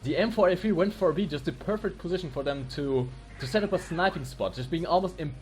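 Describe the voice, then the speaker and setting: A man commentating a live tank game match, analytical, breaking into excited exclamations. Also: a little high, quick pace. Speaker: esports commentator. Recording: faint music behind.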